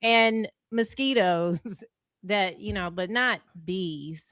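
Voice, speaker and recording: Slow-speaking woman from Detroit. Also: mid-range voice, fairly bright tone, no room sound. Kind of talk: casual talk show chat.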